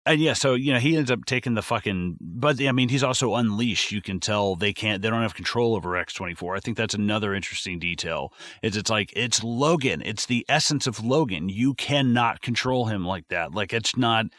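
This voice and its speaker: A man co-hosting a podcast, recapping a movie in casual chat, excitable and profane, with lots of fillers. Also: on the low side, fairly quick, few pauses, dry recording. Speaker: podcast co-host.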